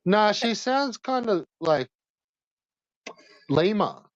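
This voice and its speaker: A man chatting casually, slangy and sweary, full of drawn-out fillers. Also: sits high, sing-song, no echo. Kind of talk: casual chat. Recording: dull dry sound.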